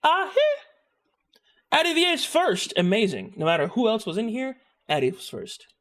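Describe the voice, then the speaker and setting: Reacting to a video on a live stream, a young man jokes around and chats with his viewers in an animated way, talking to chat. His voice is high, at a normal speed.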